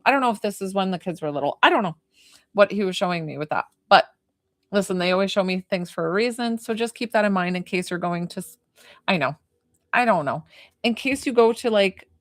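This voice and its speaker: A young woman talks through a live psychic reading, wandering in loose rambling sentences with lots of hesitant fillers. Her voice sits at an ordinary middle pitch. The sound is dry and close, with no room echo. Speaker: psychic medium.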